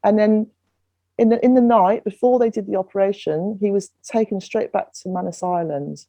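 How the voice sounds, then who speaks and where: Her voice is dark and mid-range, her pace moderate: a middle-aged woman on a podcast, a singer-songwriter and refugee advocate, earnestly telling her story with many restarts in conversational interview style.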